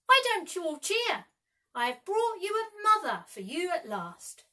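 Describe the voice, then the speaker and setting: A woman voicing a boastful boy who never grows up, calling out loudly in a children's storybook reading. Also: medium pitch, measured pace, husky, far from the mic, heavily acted. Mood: excited. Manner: loud, excited calls.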